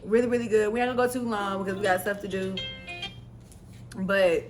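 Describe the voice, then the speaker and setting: A woman co-hosting a casual movie chat, her voice hoarse from yelling, talking in a loud, playful, teasing way. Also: mid-range voice, fairly even intonation, a little fast, over music. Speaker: co-host.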